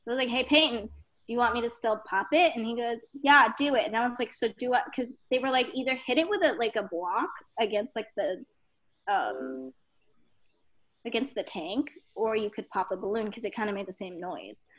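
A woman's voice: a little high, animated, normal speed. A young woman telling stories as a podcast guest, chatty and giggly, full of "like". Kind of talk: casual storytelling.

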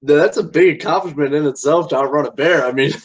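A man hosting a casual radio interview show, chatting in a relaxed way and laughing easily. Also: a little high, fast talker, slightly rough, poor audio.

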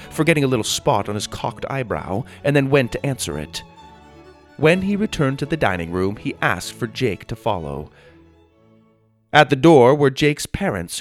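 A male narrator reading a children's story aloud with animated, expressive delivery. His pitch rises and falls in wide, lively sweeps over a mid-range voice, with faint violin music underneath.

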